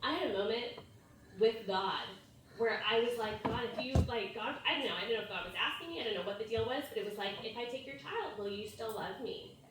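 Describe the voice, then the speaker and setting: A woman's voice: on the high side, fairly quick, very noisy. A mother in her thirties telling a personal story in a conversational sermon, full of "like" and "right?". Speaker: youth ministry speaker. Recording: echoey hall from far off, faint ambience.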